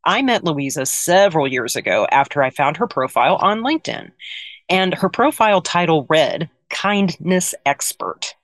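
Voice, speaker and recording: A woman's voice: sits low, animated, normal speed, no echo. A woman hosting a podcast, introducing a guest in scripted narration with conversational asides to the listener. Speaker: podcast host.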